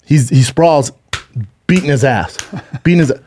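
Animated man telling a wild story. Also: mid-range voice, measured pace, slight background noise. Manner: animated, acts out quotes, swears freely. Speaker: podcast co-host. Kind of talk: casual storytelling chat.

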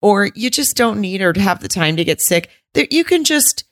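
Very animated at a moderate pace, this woman has a medium-pitched, fairly bright voice with no room sound and clean studio quality. She's a Southern US podcast co-host who rambles bluntly in casual talk and swears freely.

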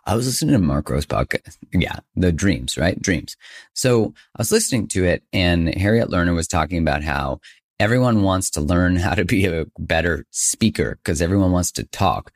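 A man's voice: low-pitched, expressive, normal speed. A man hosting his own podcast, talking in a chatty, self-joking way and laughing often. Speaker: podcast host. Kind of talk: casual podcast monologue.

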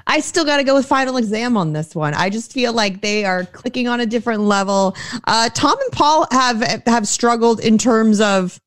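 A woman co-hosting a show, giving her opinions in a relaxed, conversational way. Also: on the high side, normal speed, dry recording, studio quality. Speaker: show co-host. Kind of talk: casual panel chat.

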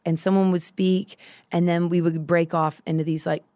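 A woman in her thirties with a lower voice tells a story on a podcast, full of "like" and little acted-out voices for everyone in it. She is recorded close on a studio mic in a dry room. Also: moderate pace, dry recording. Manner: animated, acts out quoted voices, many fillers. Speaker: songwriter guest. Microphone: studio microphone.

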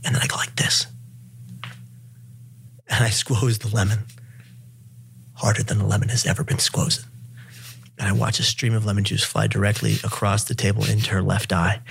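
A man, a podcast guest, telling a comic story in an animated way and slipping into other characters' voices. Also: lowish voice, moderate pace, gravelly, long pauses, slightly rough.

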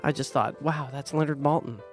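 A woman's voice: sits low, fairly quick, faint music behind. A woman co-hosting a comedy podcast in casual banter, blurting out random wrong names as jokes. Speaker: podcast co-host.

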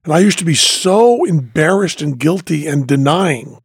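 A man with a slightly husky, fairly high voice, hosting a casual podcast conversation. He tells reflective stories full of fillers and restarts. The sound is dry and close. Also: lively intonation, normal speed, dry recording. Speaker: podcast host.

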